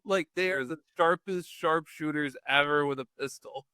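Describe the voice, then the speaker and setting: A man with a smooth, clear voice chats casually about old comedies on a review show. He talks in a loose, rambling way, restarting his sentences and laughing easily. The sound is close and dry. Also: a little high, normal speed, bright, forceful tone, dry recording. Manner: rambling, with frequent restarts and fillers; laughs easily while recounting scenes. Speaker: podcast co-host. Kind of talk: casual movie-review chat.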